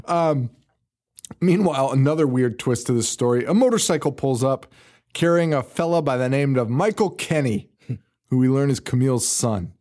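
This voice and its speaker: A man's voice: medium pitch, lively intonation, normal speed, darkish tone. A man co-hosting a podcast, casually recapping a horror film scene by scene, swearing often, laughing and mimicking the characters. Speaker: podcast co-host. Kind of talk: casual movie recap chat.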